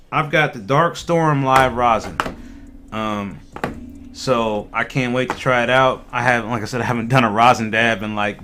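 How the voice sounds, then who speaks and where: A man hosting a casual cannabis livestream, chatting animatedly with viewers and laughing often. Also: medium pitch. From Ohio. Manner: animated, laughing, talks to chat.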